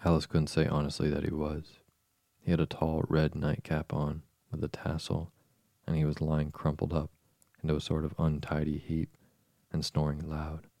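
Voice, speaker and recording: Very deep, gravelly male narrator. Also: completely flat delivery, normal speed, mellow, no room sound, clean studio sound. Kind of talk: audiobook narration.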